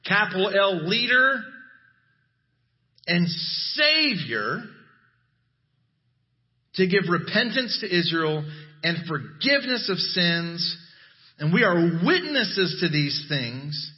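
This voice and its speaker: A man preaching a sermon as pastor, animated and emphatic. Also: takes it slowly, pauses often, highs cut off. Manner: animated, rising to emphatic highs.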